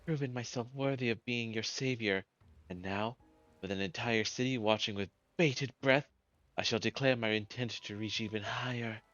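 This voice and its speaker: A man's voice: mid-range voice, moderate pace, fairly bright tone, muffled recording, soft background music, voice pushed up, lightly acted. A man voicing a vain, pompous hero who wants to become ruler, reading game dialogue aloud in a grandiose, self-important way. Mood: scheming. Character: pompous vain male would-be ruler, hero-turned-tyrant.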